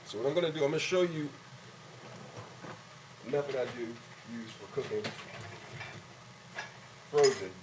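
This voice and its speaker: A man in a home kitchen talks his viewers through a meal, narrating each step in a loose, chatty way as he chops and stirs. His voice sits in a middling register, and loud clatter of pots, dishes and cutlery runs under everything he says. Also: mid-range voice, background noise. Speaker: home cooking vlogger. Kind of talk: casual cooking demonstration.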